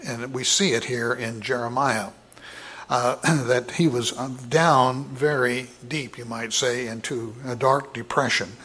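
A man preaching a sermon in a halting way, with many filler words and frequent throat clearing. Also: medium pitch, steady tone, sharp tone. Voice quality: husky, clears throat often.

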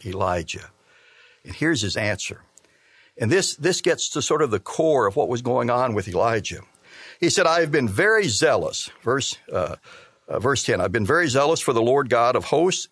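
A man preaching a sermon, reading scripture aloud and explaining it with measured, emphatic delivery. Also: mid-range voice, fairly bright tone, breathy edge, no echo. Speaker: pastor.

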